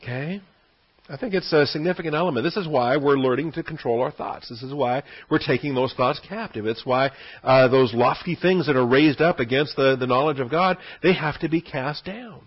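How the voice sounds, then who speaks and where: A man's voice: mid-range voice, brisk, breathy edge. A man teaching a verse-by-verse Bible study in a conversational way, often repeating words and checking in with "okay?". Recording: dull lo-fi recording.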